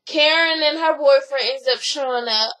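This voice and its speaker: A woman's voice: high voice, fairly bright tone, rough recording. A woman casually retelling drama between friends, rambling and swearing freely with lots of fillers. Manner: rambling, profane, fast storytelling with many fillers. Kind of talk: casual gossip recap.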